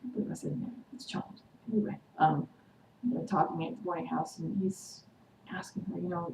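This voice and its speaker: A woman vlogger chatting through a TV episode recap, excitedly acting out the characters' quotes. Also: on the low side, fairly quick, vocal fry. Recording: echoey room, distant mic, noisy.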